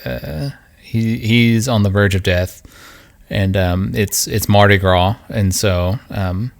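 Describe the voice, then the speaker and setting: A man hosting a casual podcast chat, speaking haltingly with many ums and uhs. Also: fairly low pitch, gravelly. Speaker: podcast host.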